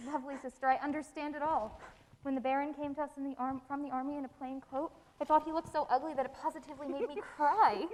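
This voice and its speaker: A woman playing a gentle, sensible eldest sister in an amateur stage drama, with a soothing, earnest way of talking. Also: high-pitched, level tone, fast talker, big-room sound, close to an everyday voice, rough recording. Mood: tender.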